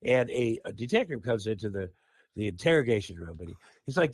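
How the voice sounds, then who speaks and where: A man telling a story on a podcast in a casual, animated, profane way. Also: lowish voice, a little fast, no room sound. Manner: animated, profane, laughing often. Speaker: podcast guest.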